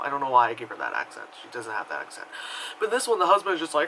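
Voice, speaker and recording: A man's voice: very animated, rapid-fire, bright, forceful tone, slight background noise, rough recording. A man giving a casual, digressive movie review, sarcastic and swearing, with lots of fillers and restarts. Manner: mocks characters in high put-on voices.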